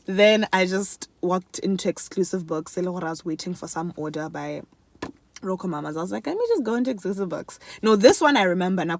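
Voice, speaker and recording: A young woman chatting casually to camera in a favourites vlog, animated and laughing often, switching between English and another language mid-sentence. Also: fairly low pitch, dry recording. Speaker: beauty and lifestyle vlogger. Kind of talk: casual chat.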